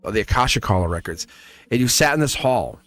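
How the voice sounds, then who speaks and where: A man reading tarot live talks fast and animatedly at a medium pitch, his tone fairly bright, with faint music behind him. His casual spiritual talk is rambling and earnest, broken by frequent laughter and performed quotes.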